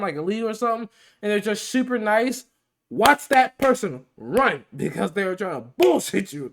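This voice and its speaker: A man's voice: sits high, fairly bright tone. A man hosting a reaction video, laughing and riffing in casual slang to his viewers. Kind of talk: casual commentary.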